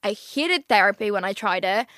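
A Northern Irish woman in her twenties hosts a casual solo podcast, her medium-pitched, slightly bright voice full of lively intonation at normal speed. She's chatty and oversharing, swears a lot and fills every gap with "like". The recording is dry and studio quality.

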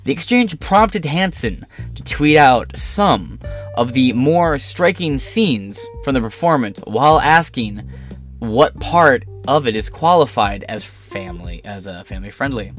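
A man hosting a commentary show, reading articles aloud and cutting in with profane, sarcastic, contemptuous remarks. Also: medium pitch. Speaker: commentary host.

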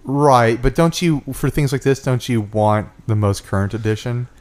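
A man's voice: medium pitch, fairly even intonation, moderate pace. Chatty man co-hosting a podcast. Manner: chatty, teasing, thinks aloud with fillers. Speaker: podcast co-host. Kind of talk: casual chat.

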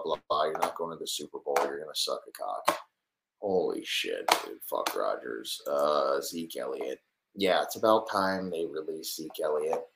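A man's voice: low-pitched, a bit bright, slight background noise. A young man live-streaming, ranting profanely about sports and snapping at his chat in a combative, rambling way. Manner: foul-mouthed, combative, rambling. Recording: roomy echo.

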